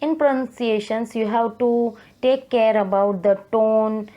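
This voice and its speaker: A woman teacher, explaining a lesson to students slowly and carefully. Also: a little high, steady tone, highs cut off. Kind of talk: recorded online English lesson.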